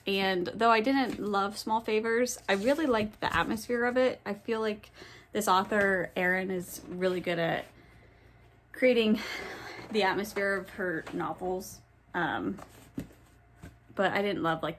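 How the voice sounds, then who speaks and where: A woman's voice: mid-range voice, fairly bright tone, a little hiss or hum. A young woman chatting casually at home in a book vlog, rambling with many ums and self-corrections, with the hiccups. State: has the hiccups. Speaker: book vlogger. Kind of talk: casual chat. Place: home, in her pajamas.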